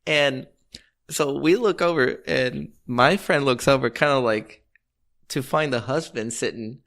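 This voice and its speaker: Gravelly man telling a rambling story. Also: mid-range voice, measured pace, fairly bright tone. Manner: rambling, profane, restarts often. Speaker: podcast co-host. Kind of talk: casual storytelling chat.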